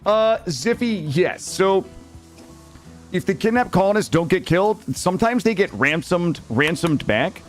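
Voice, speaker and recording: Lively excitable male game streamer. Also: high-pitched, a little slow, faint music behind. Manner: excitable, chatty, prone to screaming. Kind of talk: casual gameplay commentary.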